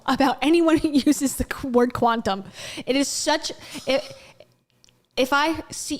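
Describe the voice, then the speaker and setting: High-voiced sarcastic woman reacting. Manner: sarcastic, blunt, swears, laughs often. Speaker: commentary YouTuber reacting to a clip. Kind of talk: reaction commentary.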